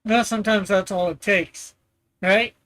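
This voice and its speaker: A man chatting on his live stream in an easygoing, rambling manner, breaking into frequent laughter. He speaks slowly and takes his time between thoughts. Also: high-pitched. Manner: relaxed and rambling, laughs often. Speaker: comic artist hosting a live stream. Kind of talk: casual live-stream chat.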